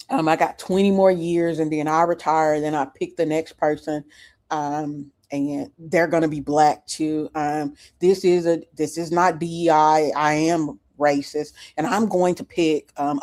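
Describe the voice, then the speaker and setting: A man voicing a self-important male angel messenger in a put-on Southern accent, speaking slowly and deadpan. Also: on the high side, lightly acted. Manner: slow, deadpan, mock-solemn. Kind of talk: comedic improvised bit on a livestream.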